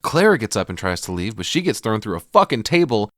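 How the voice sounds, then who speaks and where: A man's voice: lowish voice, big pitch swings, fast, fairly bright tone, no echo, studio quality. Laid-back profane man recapping a film. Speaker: podcast co-host.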